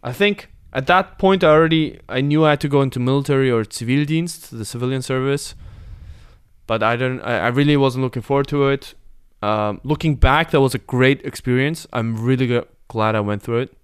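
A man's voice: medium pitch, fairly quick, clear, resonant tone, no room sound, clean studio sound. A man in his late twenties hosting a casual podcast, talking candidly and reflectively with some hesitation. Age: 20s. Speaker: podcast host. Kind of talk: casual chat.

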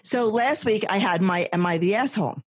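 A husky-voiced woman in her thirties co-hosts a casual podcast. She tells her stories in a chatty, animated way, her voice sitting in an ordinary middle pitch. The sound is dry and close. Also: brisk, dry recording. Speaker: podcast co-host. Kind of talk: casual chat.

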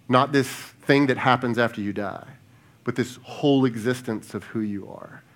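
Man preaching a conversational sermon. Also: medium pitch. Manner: conversational preaching, rhetorical questions, repeats words; softens to a hushed tone for reflective questions. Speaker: lead pastor.

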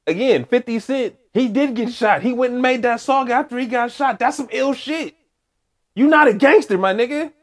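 High-voiced man ranting animatedly. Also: normal speed. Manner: animated, profane, emphatic ranting. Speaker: podcast co-host. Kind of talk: casual sports chat.

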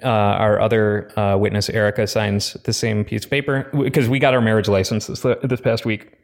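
Young man, low voice, rambling, filler-heavy podcast storyteller. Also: level tone, fairly quick. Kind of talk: casual chat.

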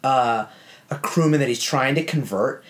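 A man in a relaxed podcast conversation, mid-pitched, breaking down a classic adventure novel. He drifts between casual commentary and reading excerpts aloud, and he uses plenty of fillers and asides. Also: normal speed. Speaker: podcast co-host discussing a novel. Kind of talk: casual book discussion, reading passages aloud.

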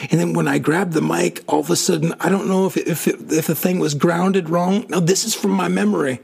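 Gravelly husky man telling a story. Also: on the high side, a little fast. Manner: emotional, animated, laughs often, acts out quotes. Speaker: storyteller recalling his music past. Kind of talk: casual storytelling.

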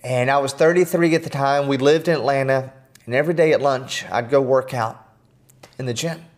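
A middle-aged man, a podcast guest, telling personal stories in an earnest, animated way with self-deprecating humor. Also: medium pitch, a little fast. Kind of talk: storytelling in conversation.

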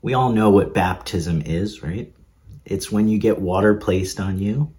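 A man's voice: fairly low pitch, a little slow, darkish tone. A man who is a preacher and seminarian, giving a casual online sermon from an upstairs bedroom at home, chatty with small chuckles and hesitant fillers.

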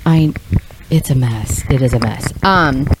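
A woman's voice: very deep voice, measured pace, noisy background. A young woman co-hosting a podcast in casual chat, crude, joking and rambling. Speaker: podcast co-host.

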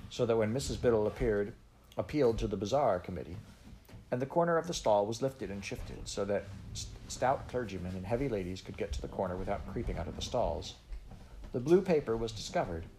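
A man narrating a storybook aloud in a measured way, with small slips. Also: fairly low pitch, darkish tone, slight background noise. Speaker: audiobook reader.

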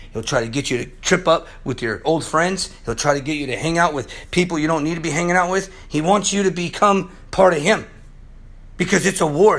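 A man preaching on his own program in an impassioned, pleading sermon, his voice going hoarse, with soft guitar music behind him. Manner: impassioned, pleading, swings from loud to low and intense. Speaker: preacher hosting a religious program.

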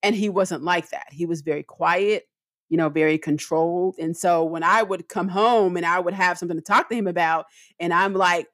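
A middle-aged woman co-hosting a podcast in casual conversation, expressive, with her voice rising when she gets excited. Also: lowish voice, normal speed, dry recording, studio quality. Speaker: podcast co-host.

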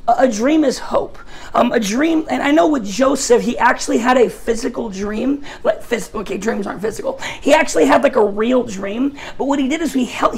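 A woman with a high-pitched voice giving a sermon as a youth pastor, telling stories with jokes and self-mocking asides. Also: breathy edge. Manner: joking, self-mocking storyteller.

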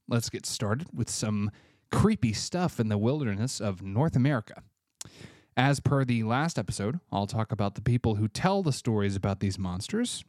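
A man's voice: lowish voice, a little mellow, dry recording, studio quality. A man from Tennessee, hosting a casual solo podcast with offhand, chatty asides, a bit congested. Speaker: podcast host.

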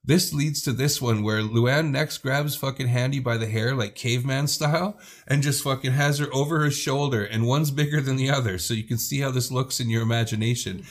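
A man's voice: mid-range voice, brisk. Profane man telling a wild story. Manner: profane, animated storyteller who acts out quoted people. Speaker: podcast co-host. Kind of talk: casual storytelling chat.

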